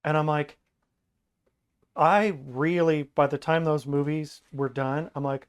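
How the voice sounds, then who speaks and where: A man as a podcast guest in casual chat, animated and acting out quoted lines in mocking voices. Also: fairly high pitch, slow pace, clear, resonant tone.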